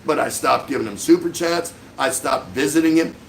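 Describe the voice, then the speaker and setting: A man's voice: on the high side, normal speed, creaky, slight background noise, rough recording. A middle-aged man hosting a livestream, delivering an angry, sarcastic rant full of insults. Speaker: livestream host.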